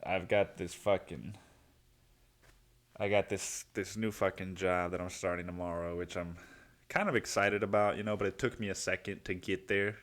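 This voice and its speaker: Rambling, profane young man, low voice. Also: fairly even intonation, moderate pace, a bit bright. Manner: rambling, profane, self-mocking, says "dude" and "man" a lot. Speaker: podcast host. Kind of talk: casual solo podcast monologue.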